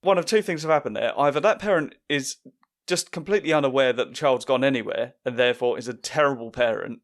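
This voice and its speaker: A man's voice: medium pitch, fast talker. Wry rambling man. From United Kingdom. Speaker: podcast host. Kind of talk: casual chat.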